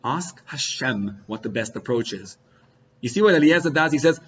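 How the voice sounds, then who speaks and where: Animated rabbi preaching, dull recording. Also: male voice, moderate pace. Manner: animated, swings between loud outbursts and low asides; sprinkles Hebrew and Yiddish terms. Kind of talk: sermon. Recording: slightly dull recording with faint hiss.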